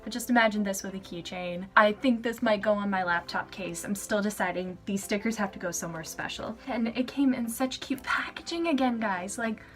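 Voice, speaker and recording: A woman's voice: mid-range voice, fairly quick, few pauses, a bit bright, soft background music. A young woman talking casually in a vlog, gushing with bubbly enthusiasm about things she loves. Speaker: vlogger.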